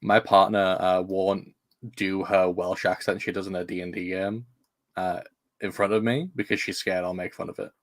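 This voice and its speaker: A man's voice: sits low, level tone, moderate pace. A British man playing in a tabletop game, chatting casually with dry, understated humour. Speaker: player. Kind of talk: casual chat.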